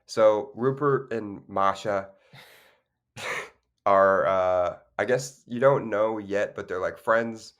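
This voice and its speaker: A man with a very low, deep voice talks casually through a film's plot on a podcast. He rambles and backtracks, stacking fillers and self-corrections as he goes. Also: takes it slowly, fairly bright tone. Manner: loose, rambling, many fillers and restarts. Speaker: podcast co-host. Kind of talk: casual film discussion.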